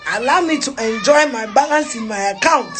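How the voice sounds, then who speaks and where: A woman's voice: fairly high pitch, expressive, normal speed. A middle-aged woman with a Ghanaian English accent, vlogging with her sons in a car, mock-crying, laughing and teasing them. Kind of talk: casual family vlog.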